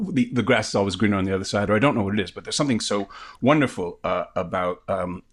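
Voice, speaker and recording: A man's voice: lowish voice, quick pace. A man, an actor, chats eagerly as an interview guest. His wording turns a little theatrical at times, and he speaks into a professional microphone in a room with a slight reverb, joining over a video call. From New York. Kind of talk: casual interview chat.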